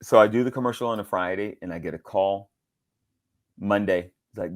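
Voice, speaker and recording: A middle-aged man from Georgia, a voice actor being interviewed, telling animated stories and acting out quotes in different voices. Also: on the low side, fairly quick. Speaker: voice actor guest. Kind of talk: casual interview storytelling.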